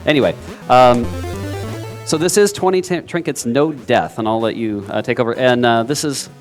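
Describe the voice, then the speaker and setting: A man's voice: medium pitch, moderate pace, soft background music. A man casually presenting a speedrun live, rambling with many fillers and laughing off mishaps. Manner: loose and rambling, lots of "uh" and "um", laughs it off.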